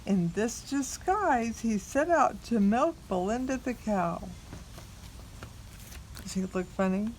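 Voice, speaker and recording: A woman's voice: on the high side, slow pace, long pauses, a little hiss or hum. Woman reading a picture book aloud. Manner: expressive, prompts the child to join in.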